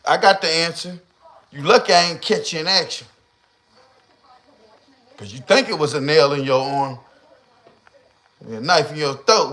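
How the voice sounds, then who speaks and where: This livestream host's voice is a little high, at normal speed with long pauses. He rants casually, full of slang and swearing, and animatedly acts out the voices of the people in his stories.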